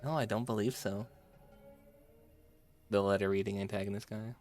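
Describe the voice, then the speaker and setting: A man's voice: lowish voice, steady tone, moderate pace, a little mellow, faint music behind. A man streaming a game, chatting and joking casually with his chat and laughing often.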